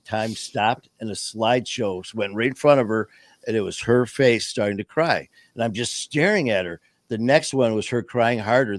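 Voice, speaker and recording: A man's voice: mid-range voice, no room sound. Guy hosting a recovery stream, earnest and open, dry sound, mid voice. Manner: earnest, candid storytelling. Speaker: podcast host. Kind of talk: casual chat. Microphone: remote streaming call.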